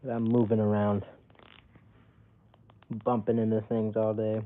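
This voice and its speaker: His delivery is completely flat and unhurried, in a lowish voice, as this young man streams live, rambling in a self-mocking way and reacting to chat comments with lots of chuckles. The sound is thin and phone-like with slight hiss.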